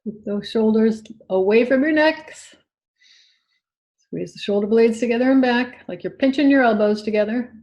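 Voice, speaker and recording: A woman coaching a workout class, giving slow, encouraging cues on form. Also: fairly high pitch, a little mellow, echoey room, dull audio. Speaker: fitness coach.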